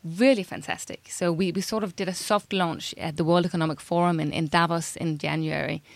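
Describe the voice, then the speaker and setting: Chatty low-voiced woman guest. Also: steady tone, brisk, creaky, dry recording. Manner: chatty, many restarts and repeated words. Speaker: jewelry designer guest. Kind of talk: casual interview chat.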